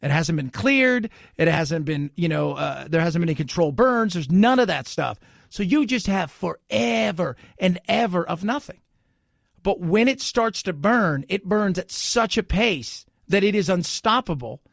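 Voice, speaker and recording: A man's voice: high-pitched, lively intonation, a little slow, creaky, no echo, studio quality. A man hosting a talk radio show, giving opinionated commentary and hammering points home by repeating them. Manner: emphatic, repeats points for effect. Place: radio studio. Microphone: studio microphone.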